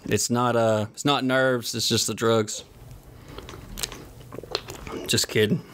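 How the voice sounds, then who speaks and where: Sweaty and flushed, a man hosting his own podcast spins rambling, profane stories solo, tossing in joking asides. His mid-range voice is level, a bit bright and slow, with a little hiss or hum in the recording.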